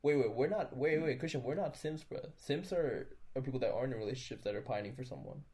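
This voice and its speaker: A man's voice: medium pitch, fast, mellow. A young man co-hosting a podcast, chatting with friends and rambling with lots of filler words and restarts. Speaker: podcast co-host. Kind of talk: casual chat among friends.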